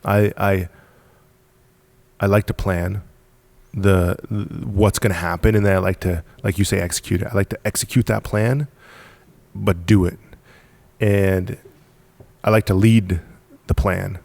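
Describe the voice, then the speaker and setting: A man with a deep voice recounts his story to a podcast host. His delivery is emphatic and punchy, and he hammers points home by repeating them. The sound is dry and close, with a gravelly edge. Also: fairly even intonation, a little slow, darkish tone, no room sound. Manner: emphatic, repetitive, punchy storytelling with frequent laughs. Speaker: podcast guest, business founder. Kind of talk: casual storytelling in conversation.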